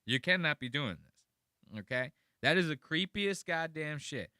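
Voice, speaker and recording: Lively, crude man reacting to a clip. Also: a little high, unhurried, smooth, no echo, clean studio sound. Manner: animated, crude, mocking, swears often. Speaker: commentator reacting to a video. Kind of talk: casual reaction commentary.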